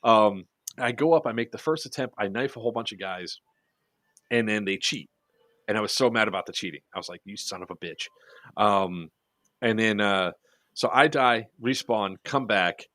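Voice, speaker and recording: An airsoft podcast speaker tells a long story in casual chat, voicing the quotes with lively characters and swearing freely. His voice sits on the low side at a moderate pace, with no echo.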